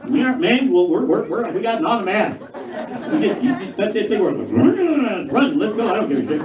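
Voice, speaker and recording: A man's voice: sits high, expressive, fast talker, lo-fi sound. An older man doing a crude, rambling stand-up set, mocking himself and acting out quoted voices, on stage in a large hall. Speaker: stand-up comedian. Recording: echoey hall, mic at a distance. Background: loud laughing crowd and room noise.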